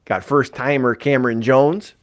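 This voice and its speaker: Brief: man, podcast co-host, mid-pitch voice, easygoing, dry close sound. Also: fairly even intonation, moderate pace, no room sound. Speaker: podcast co-host reading chat names. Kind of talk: casual chat.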